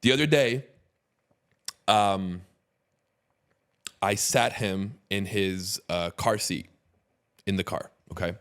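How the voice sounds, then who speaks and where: A man hosting a podcast, chiming in with short agreements and telling relaxed anecdotes in casual chat. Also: deep voice, takes it slowly, pauses often, smooth. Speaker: podcast host.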